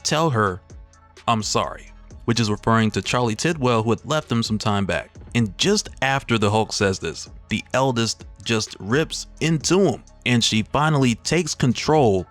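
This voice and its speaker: A man hosting a casual comic book story recap, telling it in a laid-back, slangy and lively way. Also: mid-range voice, normal speed, hardly any pauses, soft background music.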